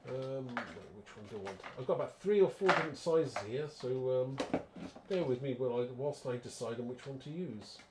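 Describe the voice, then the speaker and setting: A man's voice: mid-range voice, moderate pace, very noisy. A man hosting a live card-making demo, chatty and rambling, thinking aloud and laughing at his own muddles.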